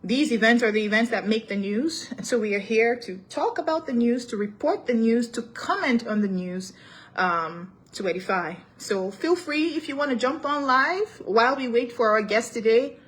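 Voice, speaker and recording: A woman's voice: on the high side, animated, normal speed, a bit bright. A young woman with a Cameroonian accent hosting a casual live-stream talk show. She greets commenters by name and moves easily between English and French, laughing often.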